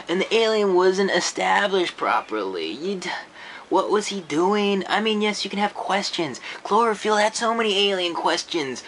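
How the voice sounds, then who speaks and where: A man's voice: high-pitched, moderate pace, slight background noise. Young man ranting about a movie. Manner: animated, mocking voices, frequent swearing. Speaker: vlogger reviewing films. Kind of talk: casual profane rant.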